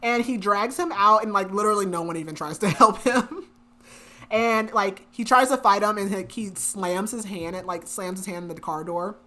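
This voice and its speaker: On a book podcast, a young co-host recaps the plot in a relaxed, chatty way, laughing frequently and using many fillers. She speaks at normal speed in a mid-range voice with a sharp tone.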